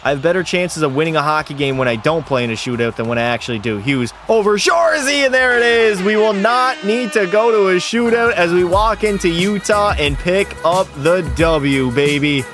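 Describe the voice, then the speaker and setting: With music in the background, the gaming streamer talks at normal speed in a voice that sits high, barely pausing. This young man from Canada calls his hockey game play-by-play like a mock sportscaster, bantering with chat and swearing casually at times.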